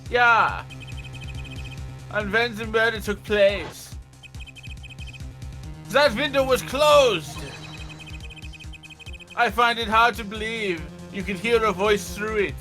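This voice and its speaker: A smooth, self-assured prosecutor played by a man speaks in an exaggerated fake German accent in a fan game dub. The voice is high and bright, theatrical and a little smug. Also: takes it slowly, long pauses, soft background music, heavily acted. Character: suave, smug young male prosecutor. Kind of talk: casual fan voice-over of a game.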